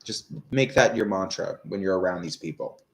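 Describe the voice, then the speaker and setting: A man in his thirties gives tarot readings on a live stream, with a somewhat low voice. He rambles and hesitates, filling gaps with ums and likes as he talks things through. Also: moderate pace, vocal fry. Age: 30s. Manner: rambling, hesitant, full of fillers. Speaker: tarot reader.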